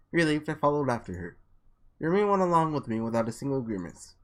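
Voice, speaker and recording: A man with a slightly hoarse, under-the-weather voice reads a visual novel aloud with casual asides, sometimes tripping over and restarting words. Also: fairly high pitch, sing-song, fast talker, a bit bright. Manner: casual, trips and restarts words while reading. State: voice a little sick, slightly hoarse. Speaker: let's player.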